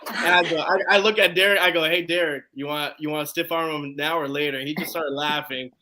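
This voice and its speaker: A man's voice: a little high, a little fast, slight background noise. A man hosting a live online show, telling a long story in a casual way and acting out what people said. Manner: animated storyteller acting out quotes. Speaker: host.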